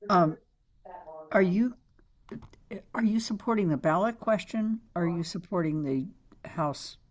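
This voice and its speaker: A hoarse woman on a town committee asking measured questions. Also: fairly low pitch. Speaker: committee member.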